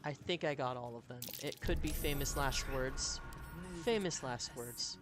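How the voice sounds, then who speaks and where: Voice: mid-range voice, measured pace, music in the background. A streamer giving cheerful live commentary while playing a game and reading chat messages aloud. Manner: chatty, upbeat, reads chat aloud.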